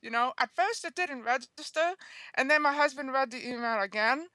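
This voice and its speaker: Earnest, chatty woman with a bright voice. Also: sits high, lively intonation, normal speed, dry recording. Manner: chatty, earnest, checks in with "okay?" and "you know". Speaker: guest author. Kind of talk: telling a personal story in an interview.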